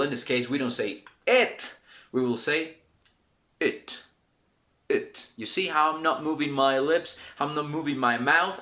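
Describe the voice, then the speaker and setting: A man's voice: fairly high pitch, sharp tone. A man teaching an online English pronunciation lesson. He is upbeat and encouraging, talks straight to his viewers, and stretches and repeats sounds to show them.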